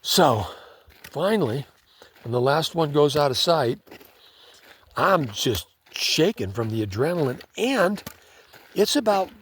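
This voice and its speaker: A man's voice: on the high side, big pitch swings, slow pace, long pauses, a bit bright, a little hiss or hum. A man telling a story in a laid-back, conversational way, often saying "man". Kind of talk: casual spoken storytelling.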